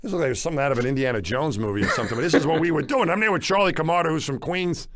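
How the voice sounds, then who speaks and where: A middle-aged man co-hosting a podcast, telling a story casually with lively chuckles. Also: on the high side, very fast, crowd noise. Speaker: podcast co-host.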